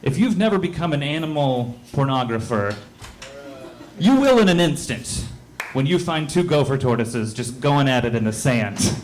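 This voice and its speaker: A man performing a stand-up comedy set on a club stage into a handheld mic, telling stories deadpan and acting out the voices of the people in them. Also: medium pitch, normal speed. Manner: deadpan storytelling with acted-out voices.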